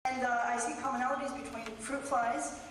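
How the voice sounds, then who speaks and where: A high-pitched woman scientist confronts a speaker, insisting on her point and then explaining her research at length. She is picked up from a distance in a large lecture hall with a long, echoing reverb and faint room ambience. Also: steady tone, brisk. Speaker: postdoctoral fellow in biology asking a question. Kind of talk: live audience question at a debate. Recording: echoey lecture hall from far off.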